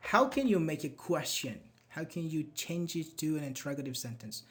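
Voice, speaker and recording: A man's voice: fairly high pitch, lively intonation, normal speed, hardly any pauses, fairly bright tone, slight background noise. A man teaching a live online English grammar class, patiently reading out students' chat answers and praising them.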